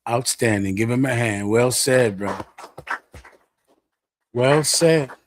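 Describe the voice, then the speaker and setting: A man preaching through scripture verse by verse, repeating his points forcefully and acting out an addict's pleading. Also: mid-range voice, slow pace, slight background noise. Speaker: teacher leading a scripture breakdown.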